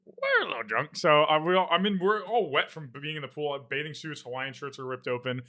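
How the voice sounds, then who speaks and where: A man's voice: fairly high pitch, a little fast. A young man from Florida, a comedian telling a story in casual chat, acting out the voices of the people in it. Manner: animated, acts out quoted voices. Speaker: podcast guest, comedian.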